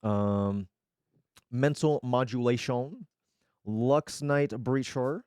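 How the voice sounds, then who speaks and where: A man's voice: mid-range voice, drawn-out words, a little mellow, smooth, no room sound, studio quality. A male streamer chatting casually while opening card packs, swearing freely and tripping over card names.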